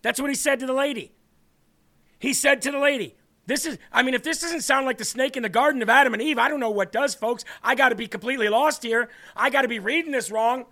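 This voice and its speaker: A man's voice: extremely high pitch, quick pace. An American man hosting a live political commentary show, ranting and reading out viewer comments. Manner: animated, preachy ranting with mock taunting asides. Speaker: host.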